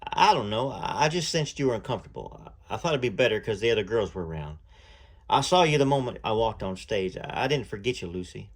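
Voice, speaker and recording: A man putting on a gentle young singer from the South, meek and earnest, tripping over his words. The voice sits higher than an ordinary reading voice and carries a soft Southern twang in a storybook reading. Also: animated, fast talker. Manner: stammering, hesitant, soft-spoken.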